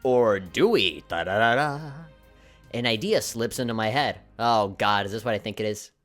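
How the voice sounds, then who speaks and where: A man's voice: fairly low pitch, expressive, moderate pace, a bit bright, soft background music. A man commentating a video game as its host and reading its text aloud, breaking into giggly, apologetic laughing fits. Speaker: let's play host.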